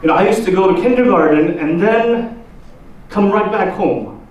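A pastor with a Korean accent giving a slow sermon, asking the congregation drawn-out questions. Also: male voice, high-pitched, a little mellow, dull audio. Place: church hall. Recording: roomy echo, distant mic, faint noise.

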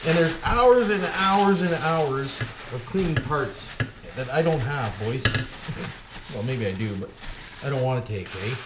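Here a man from Canada keeps up a slightly slow, medium-pitched running commentary, his intonation lively, as he works on rebuilding an engine. He jokes around casually, talks to himself, and calls his audience "boys," all in an echoey room with noise in the background.

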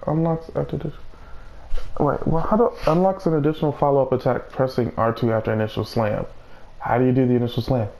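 A man playing a video game, talking to himself, swearing often and reacting loudly to the action. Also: medium pitch, fast, creaky. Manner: excitable, swears a lot, talks to himself. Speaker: let's play gamer. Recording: noisy recording.

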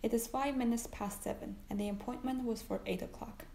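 A woman's voice: fairly high pitch, fairly even intonation, fairly quick, vocal fry, mellow, echoey room, slight background noise. Woman reading as a grave, fatalistic count. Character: brooding aristocratic nobleman, grave and fatalistic.

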